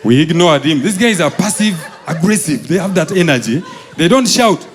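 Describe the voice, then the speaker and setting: A young Ugandan man performing a stand-up comedy set, telling animated stories and acting out the people in them. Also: fairly high pitch, normal speed, faint music behind, a faint crowd. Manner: animated storytelling, acting out characters, laughing.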